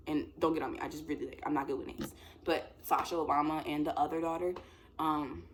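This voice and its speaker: A young woman in her twenties vlogs to camera in a casual chat, her deep, creaky voice carried over slight background noise. She rambles in an animated way, full of "like" and frequent laughs.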